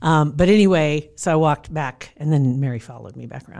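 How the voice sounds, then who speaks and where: A woman in casual chat, telling a story in an animated way and laughing often. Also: sits low, a little fast, vocal fry.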